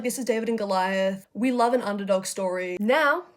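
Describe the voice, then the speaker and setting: A young woman casually retelling history in a slangy, profane, chatty way, hosting a video essay. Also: a little high. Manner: profane, chatty, acts out figures in quick asides.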